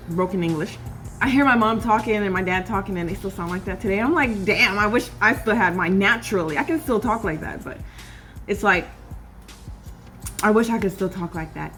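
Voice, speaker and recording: Woman, from California, home kitchen, casual cooking chat, chatty, soft music underneath. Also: medium pitch. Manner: chatty, addresses viewers as "y'all". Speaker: cooking vlogger.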